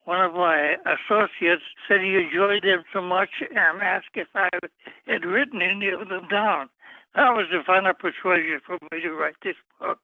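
An older man answering interview questions about his book in a plain, measured storytelling way. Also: high-pitched, no echo. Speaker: guest author. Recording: tinny phone line.

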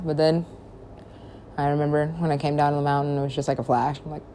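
A woman's voice: steady tone, a little fast, pauses often, dark tone, slight background noise. Giggly, swearing woman telling rambling stories. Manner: giggly, swears a lot, acts out her own quotes with big pitch swings. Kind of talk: rambling casual storytelling.

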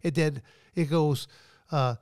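A man's voice: on the high side, steady tone, slow pace, darkish tone. A man in casual podcast chat, rambling through his points with restarts and filler. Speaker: podcast guest.

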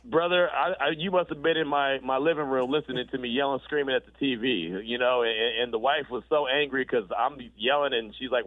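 A man calling in to talk sports, words tumbling out at a brisk clip. His voice comes through tinny and narrow, like a phone line, with no room sound. He leaps higher when he gets worked up. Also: dry recording. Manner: animated, quick, pitch jumps when excited. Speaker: regular guest commentator.

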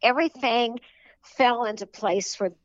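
A woman's voice: on the high side, unhurried, no echo, lo-fi sound. A woman who writes children's books, talking chattily in an interview, rambling with fillers and little laughs. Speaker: children's book author. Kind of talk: casual interview talk.

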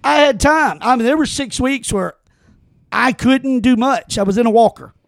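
A man with a high, gravelly voice co-hosts a casual podcast, reading aloud haltingly and breaking off with exclamations. The sound is close and dry, with no room around him. He restarts lines often as he goes. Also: no echo. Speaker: podcast co-host.

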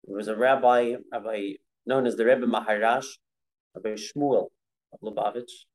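A man teaching a Torah class, talking conversationally and now and then chanting Hebrew verses slowly. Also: fairly low pitch, fairly even intonation. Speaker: rabbi teaching a prayer-book class.

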